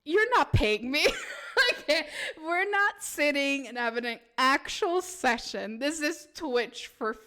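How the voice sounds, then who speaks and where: A young woman, streaming tarot readings and chatting with her viewers, laughing often and answering chat in an animated way. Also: sits high, measured pace, hardly any pauses. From Sweden. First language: Swedish. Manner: giggly, animated, talks back to chat. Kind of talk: casual live-stream chat.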